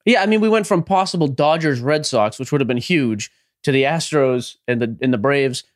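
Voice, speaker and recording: A man's voice: medium pitch, normal speed. A man co-hosting a sports card podcast, teasing his partner and steering the rundown in casual banter. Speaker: podcast co-host.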